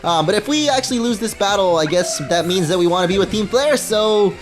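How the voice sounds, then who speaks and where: A man hosts a video game playthrough with goofy, joking commentary. His voice sits high and swings widely in pitch, with faint music playing under him. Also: lively intonation, a little fast, hardly any pauses. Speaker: let's play host. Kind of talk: gameplay commentary.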